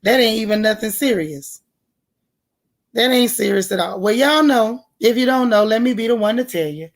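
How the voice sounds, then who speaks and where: A woman's voice: a little high, animated, normal speed. A woman hosting a live gossip show, chatting casually and greeting viewers one by one in a folksy way. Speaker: livestream gossip show host.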